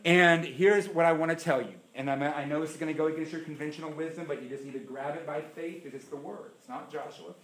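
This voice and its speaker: A man preaching a sermon in church, acting out quoted prayers and swinging between loud bursts and hushed asides. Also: a little high, steady tone, quick pace, hardly any pauses, slight background noise. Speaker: pastor.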